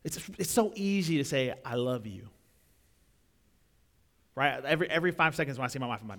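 A young adult man preaching a sermon in a church, talking conversationally, repeating words and swelling louder on key points. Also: medium pitch, expressive, fairly quick, long pauses. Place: church sanctuary. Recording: long reverb of a church hall.

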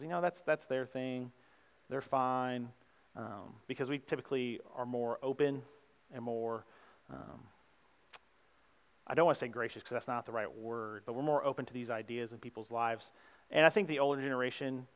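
A man's voice: mid-range voice, a bit bright, clean tone. A young male pastor gives a casual, conversational sermon, throwing in frequent asides to the congregation. His voice has a long hall reverb from a church sanctuary. The recording sounds muffled and dull.

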